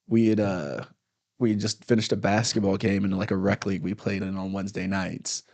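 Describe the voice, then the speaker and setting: Speaking briskly in a low voice with vocal fry, a guest comedian recounts a story during casual talk. He's an animated storyteller who bellows the lines of the angry cops, and the audio carries no room sound.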